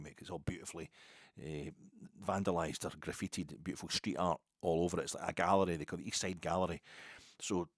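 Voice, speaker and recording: A man's voice: sits low, no room sound, studio quality. A middle-aged Glaswegian man chatting casually as a football podcast host, rambling and jokey with many asides. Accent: Glaswegian Scottish. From Scotland. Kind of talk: casual storytelling chat.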